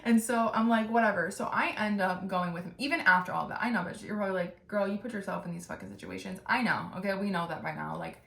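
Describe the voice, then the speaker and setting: A young woman in her twenties telling a story, loose and chatty, full of "like" and casual swearing. Her voice sits at a middle pitch. The room around her echoes noticeably. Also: fast, gravelly, few pauses. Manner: chatty, swears freely, full of "like", mimics others with animated bursts. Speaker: podcast host. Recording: roomy echo.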